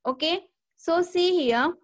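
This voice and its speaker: A woman's voice: very high voice, slow. A woman teaching a grammar lesson, explaining step by step and saying "okay" again and again. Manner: repeats "okay" and "see here" often, explains step by step.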